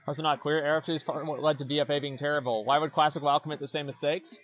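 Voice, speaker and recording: A man's voice: fairly high pitch, fairly even intonation, quick pace, fairly bright tone, dry recording. A young man streaming as he reacts to forum posts, blunt and mocking, cursing freely and restarting his sentences with repeated words. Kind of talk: casual commentary.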